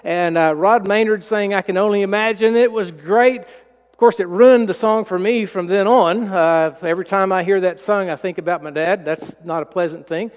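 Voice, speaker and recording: A middle-aged man preaching a sermon, telling a personal story in a folksy way and dropping to a hushed voice when he is moved. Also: sits high, moderate pace, smooth. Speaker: pastor. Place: church sanctuary. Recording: reverberant church sanctuary.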